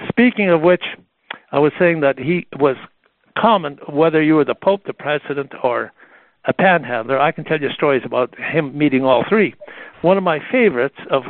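Animated man telling stories over a phone line. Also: a little high, no echo. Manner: animated, acts out the voices in his stories. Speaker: guest telling stories about a friend. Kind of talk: anecdotal storytelling on a radio call. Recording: tinny phone-like radio line.

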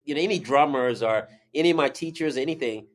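A man's voice: mid-range voice, fast talker. A man, a drummer and music teacher, telling a story as an interview guest and acting out the voices he quotes.

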